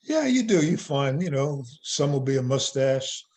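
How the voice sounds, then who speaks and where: An older man, a working actor, chatting casually in an interview, relaxed and self-deprecating, laughing often. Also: mid-range voice, moderate pace. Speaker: actor guest.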